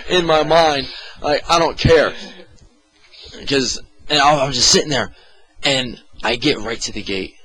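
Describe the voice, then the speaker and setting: Profane, animated man telling a story. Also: medium pitch, normal speed, low-quality recording. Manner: profane, animated, exaggerated retelling. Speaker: podcast co-host. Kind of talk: casual storytelling.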